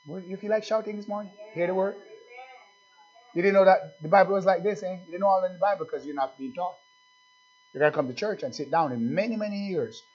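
Husky-voiced male preacher, emphatic. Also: high-pitched, fast talker, a little mellow. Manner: emphatic, repetitive, calls out to congregation. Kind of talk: sermon. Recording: dull lo-fi recording.

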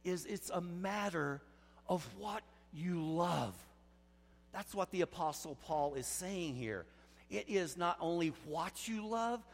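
Preaching man with a higher voice in a reverberant hall. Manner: swings from quiet intensity to loud pleading emphasis. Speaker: pastor. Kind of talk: sermon.

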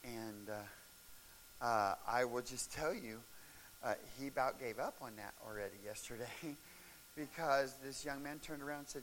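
A middle-aged male pastor telling stories in a sermon, animated and breaking into shouts and laughs at the peaks of a story. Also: mid-range voice, unhurried. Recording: faint hiss.

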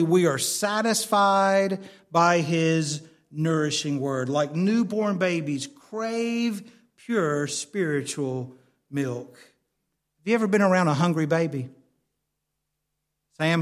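A male pastor preaching a sermon earnestly, with frequent stammered restarts and repeated phrases. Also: fairly high pitch.

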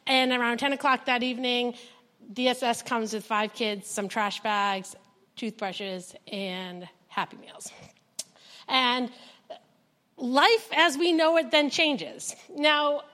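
Woman with a high voice giving an emotional, animated church testimony. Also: slow, big-room sound. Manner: animated storytelling, acting out quoted dialogue. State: emotional, near tears. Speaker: foster mother sharing a testimony. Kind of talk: personal testimony told to a congregation. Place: church service.

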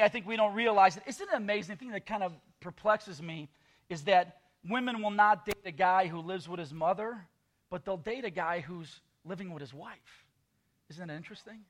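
A man preaching a sermon as pastor, with sarcastic asides and quoted scripture. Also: sits high.

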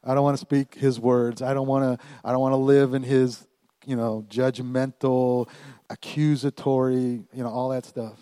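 A man preaching a lively sermon, calling out to his congregation and swinging from quiet asides to loud emphatic lines. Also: medium pitch, moderate pace, dry recording. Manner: animated, call-and-response with congregation. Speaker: pastor. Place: church.

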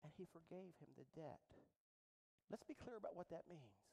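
A woman's voice: sits low, lively intonation, moderate pace, gravelly, noisy background. A woman pastor preaching a sermon to her church, retelling a parable and acting out its quoted lines with dramatic storytelling.

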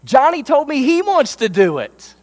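A man's voice: very high-pitched, wildly swooping pitch, normal speed, voice pushed up, full character voice. A man voicing a sly little girl in a sermon story who cheerfully tattles on her brother.

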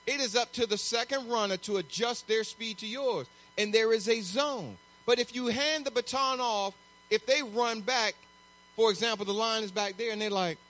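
A man preaching a sermon as pastor, conversational and animated, acting out little asides. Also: high-pitched, normal speed.

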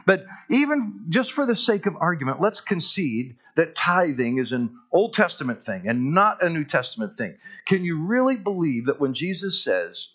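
A man preaching a sermon as pastor in a church, earnest and emphatic, slowing down on key words. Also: a little high, fairly bright tone, highs cut off.

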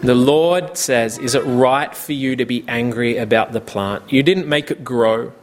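A man delivering a sermon at an unhurried pace, his voice sitting at an ordinary pitch. He preaches in a measured way and slips into relaxed, conversational asides. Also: faint music behind. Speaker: pastor.

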